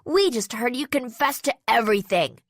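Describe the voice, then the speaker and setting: A woman voicing a confident boy with a high-pitched voice in an audiobook. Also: animated, normal speed, dry recording, studio quality. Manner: confident, bright and firm. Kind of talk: audiobook character voice.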